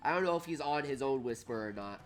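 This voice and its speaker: A stuffed-up man chatting casually on a gaming livestream, his voice leaping all over the place as he greets chat and hollers at the screen. He sits in the middle for pitch, with faint music playing behind him. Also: quick pace. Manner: excitable, reads out chat names, yells at the game. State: stuffed-up nose.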